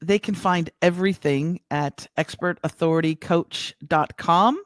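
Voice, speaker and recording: A middle-aged American woman chatting as a guest business coach, warm and halting, with many restarts. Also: lowish voice, dry recording, clean studio sound. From United States. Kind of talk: casual interview chat.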